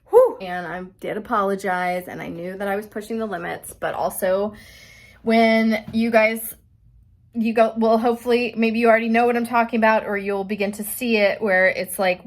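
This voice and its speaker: A woman's voice: a little high, a bit bright. A young adult woman vlogging in a casual, rambling way, with many fillers, indoors in an old house under renovation. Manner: chatty, tangential, many "like" fillers.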